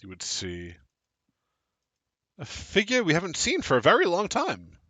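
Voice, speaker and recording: A man runs a tabletop game, laying out the scene in slow, descriptive narration. His voice is bright and the recording is dry and close. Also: high voice, huge pitch swings, slightly rough, no room sound. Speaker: game master.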